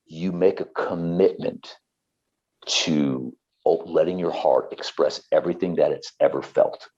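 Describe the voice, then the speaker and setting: A man's voice: extremely low pitch, a little slow, darkish tone, slightly rough, highs cut off. A man, a therapist and author, talking earnestly and passionately as an interview guest, often repeating himself.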